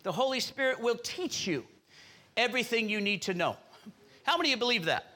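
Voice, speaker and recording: A man's voice: extremely high pitch, sing-song, a little fast, pushed and bright. A man preaching a sermon as pastor in a church, emphatic and calling out to the congregation for responses.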